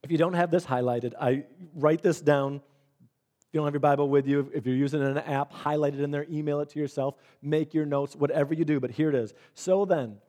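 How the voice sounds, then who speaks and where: Animated male pastor telling stories. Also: a little high, a little fast. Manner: animated storyteller acting out quoted dialogue. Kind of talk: sermon with storytelling.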